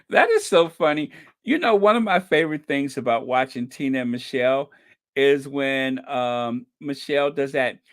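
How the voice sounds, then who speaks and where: A man's voice: mid-range voice, expressive, measured pace. A man hosting a commentary channel, talking casually to his viewers with frequent laughter and emphatic asides.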